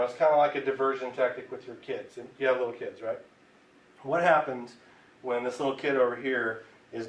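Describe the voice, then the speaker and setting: A man teaching a class in a relaxed, chatty way, often checking in with "right?". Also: mid-range voice. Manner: conversational, keeps asking "right?". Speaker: tobacco cessation instructor. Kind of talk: classroom lecture. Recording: echoey room, mic far off, faint hiss.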